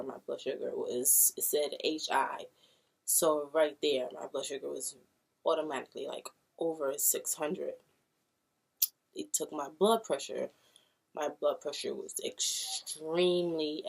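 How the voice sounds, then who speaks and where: Her voice is low, gravelly, and a little mellow. The young adult vlogger from Brooklyn, New York, relates a personal story to camera in a casual way, performing the quoted voices of others.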